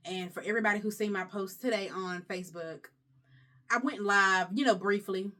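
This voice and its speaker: A woman's voice: mid-range voice, normal speed, pushed and bright. A young woman vlogger chatting casually, talkative and emotional, rambling as she talks. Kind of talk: casual chat.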